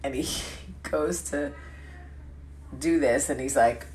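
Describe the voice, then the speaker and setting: A woman hosting a casual vlog chat, telling stories with quick asides and self-corrections. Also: a bass voice, a little hiss or hum. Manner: chatty storytelling with quick asides; lively, laughing, self-correcting. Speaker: vlog host.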